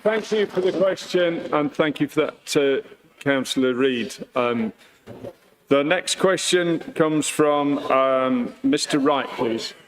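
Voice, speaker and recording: A man's voice: a little high, slow, slight background noise. A man chairing a council meeting, who calls speakers in a polite, procedural way with frequent ums. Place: council chamber.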